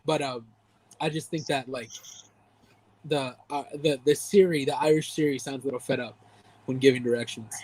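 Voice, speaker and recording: A man's voice: medium pitch, normal speed, long pauses, poor audio. A man co-hosting a podcast, chatting casually and telling funny stories. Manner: animated storyteller, mimics voices in quotes. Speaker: podcast co-host. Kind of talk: casual chat.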